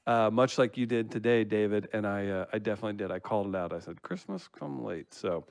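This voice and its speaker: Smooth-voiced man, dry close sound. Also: on the low side, level tone, fast talker, a little mellow, dry recording. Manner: laughs easily, teasing. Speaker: producer reading listener comments. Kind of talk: casual podcast chat.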